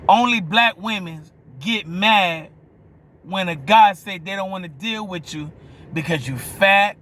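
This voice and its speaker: A man's voice: high-pitched, a little slow, sharp tone, a little hiss or hum. A man with a New Orleans accent giving a blunt, profane opinion monologue, often stopping to ask if you hear him. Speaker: vlogger.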